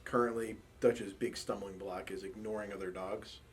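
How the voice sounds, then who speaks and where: A man's voice: lowish voice, moderate pace. A man who works as a campus police officer and handles a support dog, telling stories in a documentary interview and acting out quoted dialogue as he goes. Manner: relaxed storytelling with quoted dialogue.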